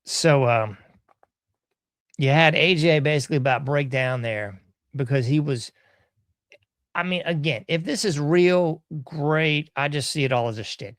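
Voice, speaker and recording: A man's voice: on the high side, measured pace, long pauses, a bit bright, no echo, studio quality. A man hosting a podcast in casual commentary, folksy and sarcastic, often chuckling. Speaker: podcast host.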